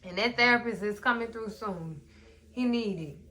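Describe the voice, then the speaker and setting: A woman in casual recap commentary, animated and sassy, often talking straight to the characters. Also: a little high, normal speed. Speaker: recap vlogger.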